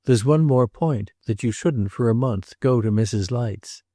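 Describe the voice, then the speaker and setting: A man voicing an earnest male friend in a read novel, pleading with steady, urgent seriousness. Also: medium pitch, measured pace, dry recording, clean studio sound. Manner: earnest, urging.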